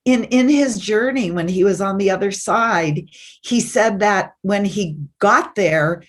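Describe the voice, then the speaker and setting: A woman guest telling a personal story in an animated way, acting out the voices she quotes. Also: mid-range voice, unhurried. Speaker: guest, success teacher.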